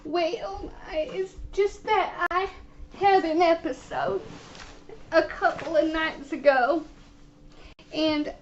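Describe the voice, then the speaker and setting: A timid, rambling elderly lady on the phone, put on by a woman. Her voice sits very high and crawls along slowly, full of halts and restarts. The line sounds dull and lo-fi. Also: fairly even intonation, exaggerated voice. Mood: tearful rambling. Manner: halting, stammering, rambling.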